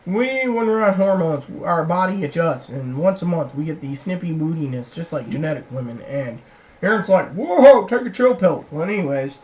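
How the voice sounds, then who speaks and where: A woman's voice: deep voice, moderate pace, rough recording. A woman vlogger rambling through personal stories, acting out what other people said. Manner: rambling, acts out quoted people. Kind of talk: rambling personal storytelling to camera.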